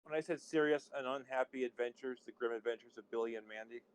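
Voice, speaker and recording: A man's voice: mid-range voice, fast, smooth, no echo. A man playing an online improv game, dropping coy, playful hints. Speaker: improv player. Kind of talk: casual online improv play.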